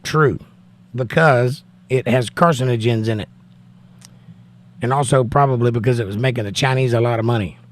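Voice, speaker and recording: A man's voice: medium pitch, moderate pace, long pauses. A man hosting a livestream, chatting casually and wryly while he reads viewer comments aloud. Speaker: livestream host reading chat. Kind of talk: casual chat.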